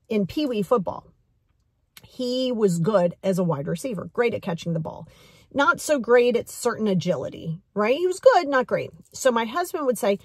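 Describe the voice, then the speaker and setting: A woman's voice: medium pitch, a little mellow, slightly rough, dry recording, studio quality. A woman in her forties giving a motivational talk as a life coach, earnest and direct, repeating key phrases for emphasis.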